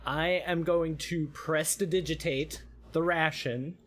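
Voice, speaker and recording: Dry, mock-formal game player. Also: male voice, fairly high pitch, steady tone, slow pace, a bit bright. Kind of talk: casual tabletop game chat.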